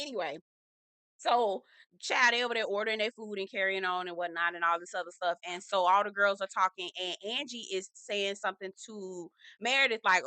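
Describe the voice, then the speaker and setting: Sassy woman with a bright, dry voice. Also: medium pitch, brisk, dry recording. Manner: sassy, animated, says "girl" often. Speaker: reality TV recap host. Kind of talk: casual recap commentary.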